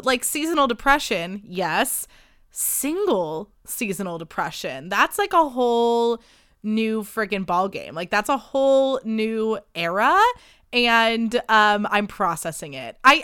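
A woman in her late twenties hosting a podcast, talking in a chatty, self-deprecating way with lots of fillers and sudden jumps in pitch. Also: pushed and bright, smooth, dry recording, studio quality. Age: late 20s. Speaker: podcast host. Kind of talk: casual confessional chat.

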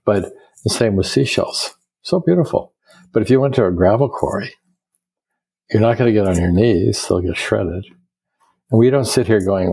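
An older American architect speaks in a fairly low, gravelly, husky voice at a moderate pace, pausing often, on a rough recording. In a reflective, conversational interview, he tells stories, explains ideas, and quotes others in lively voices.

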